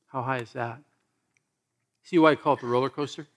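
A man's voice: medium pitch, steady tone, brisk, pauses often, fairly bright tone. A man preaching a sermon in a conversational way, asking the listeners questions and laughing often. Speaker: pastor.

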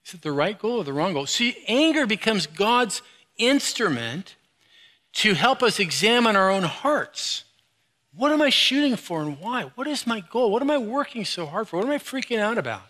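A middle-aged man preaching a sermon, moving between quiet low stretches and loud, high, animated bursts. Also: normal speed. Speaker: pastor.

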